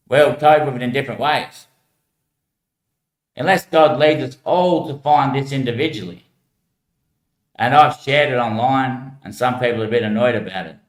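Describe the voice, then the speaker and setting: A man rambling in a meandering, musing monologue full of slang. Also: mid-range voice. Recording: echoey room.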